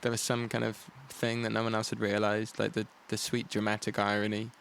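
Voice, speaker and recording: A man's voice: on the low side, monotone, brisk, vocal fry, a bit bright, slight background noise. A young man co-hosting a podcast, wry and playful, fond of old-fashioned exclamations. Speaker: podcast co-host. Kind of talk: casual chat.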